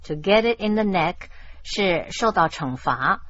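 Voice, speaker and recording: A woman hosting a radio language lesson who explains idioms in a measured, explanatory way. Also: on the low side, expressive, a bit bright. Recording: dull lo-fi radio broadcast.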